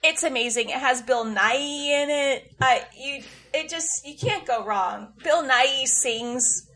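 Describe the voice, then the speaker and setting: Woman, podcast co-host, somewhat high voice, gushing, says like a lot. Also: measured pace, pushed and bright. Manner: gushing, with many likes. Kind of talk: casual chat.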